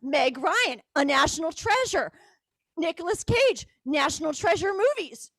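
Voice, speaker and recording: A woman's voice: extremely high pitch, big pitch swings, unhurried, fairly bright tone, no echo. A woman hosting a comedy show online, sarcastic and giggly.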